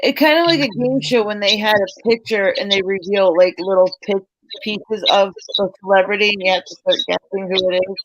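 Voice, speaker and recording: A woman co-hosting a casual live chat over a video call, friendly and quick to chime in. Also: medium pitch, no room sound, dull audio. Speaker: co-host of a live chat stream. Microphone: video call mic.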